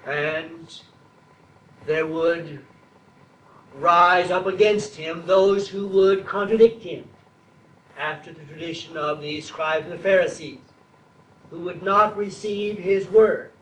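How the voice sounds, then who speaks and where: A man preaching a sermon slowly and deliberately, building to emphatic, repeated declarations. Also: high voice, reverberant, far from the mic, a little hiss or hum, rough recording. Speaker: traditionalist Catholic preacher.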